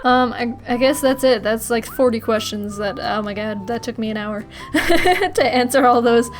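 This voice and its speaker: Giggly, rambling young woman with a high voice. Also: normal speed, soft background music. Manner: giggly and rambling, often laughing. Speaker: YouTuber. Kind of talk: casual Q&A vlog.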